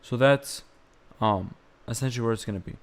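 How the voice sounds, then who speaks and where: A young man teaching chant on a live stream, explaining slowly and breaking into short sung phrases. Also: medium pitch. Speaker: music teacher.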